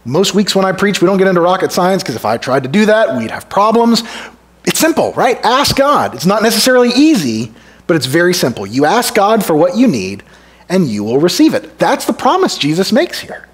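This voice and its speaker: A male pastor preaching an expository sermon in a conversational way, asking the congregation rhetorical questions and dropping to a hush for emphasis. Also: big pitch swings, a little fast. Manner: drops to a hushed low voice for emphasis. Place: church sanctuary.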